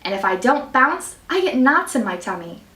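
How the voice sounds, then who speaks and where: Woman doing a sprightly storybook kitten boy, high and exclaiming, echoey and far. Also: very animated, normal speed, sharp tone. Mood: playful. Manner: sprightly, exclaiming with mock Spanish flourishes. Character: playful young male kitten, bouncy and boastful. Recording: echoey room from a distance.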